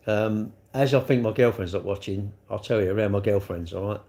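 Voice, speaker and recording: A man's voice: on the low side, normal speed, hardly any pauses, a little mellow. A middle-aged man, chatting casually on a livestream and answering viewer comments in a rambling way, full of tag questions.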